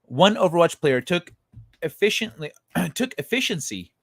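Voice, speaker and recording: A laughing, foul-mouthed male streamer hosts casual live-stream chat, reading comments aloud and rambling through tangents with frequent fillers. His voice is on the high side with big pitch swings at normal speed. The recording is dry and studio quality.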